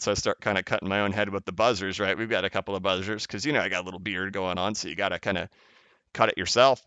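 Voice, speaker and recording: A man hosts a live stream from home, reading out viewer comments in a loose, rambling way, restarting his sentences and laughing along. His voice is bright and crisp, and he talks a little low. The stream audio is a bit dull and lo-fi. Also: fairly even intonation, fast talker, no room sound. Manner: rambling, self-correcting, laughs often. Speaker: crypto live stream host.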